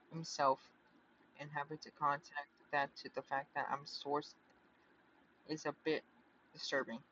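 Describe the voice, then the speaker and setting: A man's voice: on the high side, sharp tone, dull audio, a little hiss or hum. A man reading a visual novel aloud, often stumbling and restarting, with chatty asides.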